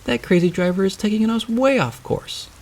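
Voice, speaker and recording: A man's voice: sits high, normal speed, darkish tone, voice pushed up. A man voicing a sassy, quarrelsome talking bluebird girl with a bossy, snippy manner. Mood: snippy, nervous.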